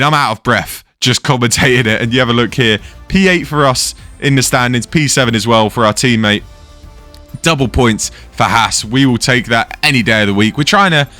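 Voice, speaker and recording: A man commentating his own racing game play-by-play in an excitable, fast-moving way. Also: mid-range voice. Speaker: gaming YouTuber commentating his own race. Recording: faint game music behind.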